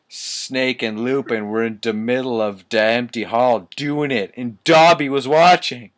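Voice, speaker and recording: A man's voice: mid-range voice, measured pace, few pauses. A man reading badly written fan fiction aloud for laughs, amused and stumbling over misspelled words. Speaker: reader.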